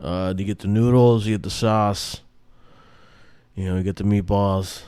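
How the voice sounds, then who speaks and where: A man's voice: lowish voice, steady tone, unhurried, warm tone, clean tone, dry recording. A man hosting a casual, rambling monologue, swearing and restarting his sentences often. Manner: rambling, profane, many restarts and fillers. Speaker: host.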